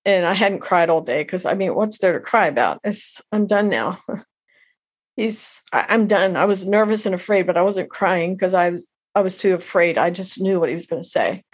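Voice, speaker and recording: A middle-aged woman tells an emotional personal story as an interview guest, halting and heartfelt, often restarting her sentences. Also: fairly low pitch, slightly rough.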